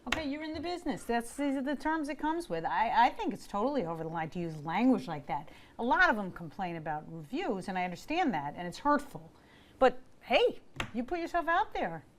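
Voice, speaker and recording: A woman on a talk panel speaks emphatically, her pitch rising and falling widely. Her voice sits fairly high, with faint background noise. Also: very animated, fairly quick. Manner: emphatic, firm opinions. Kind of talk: casual panel discussion.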